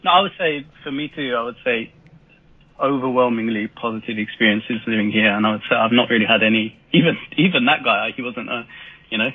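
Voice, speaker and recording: A man's voice: mid-range voice, fairly quick. A man from Britain, a manga artist guest on a podcast, talking casually in a rambling, hesitant way with many fillers and restarts, heard over a remote call. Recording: husky voice over a tinny phone-like call line.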